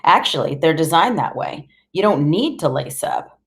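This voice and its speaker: A woman's voice: low voice, sing-song, normal speed. A woman reading an audiobook, voicing a smug male shoe store manager who talks with a chuckling tone.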